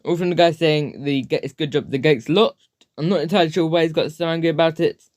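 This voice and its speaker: A man talks over a clip in reaction commentary, hedging and unsure of himself. His voice sits a bit high. The sound is dry and close. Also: fast, no room sound. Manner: hesitant, hedging, repeats "obviously". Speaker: reaction video host.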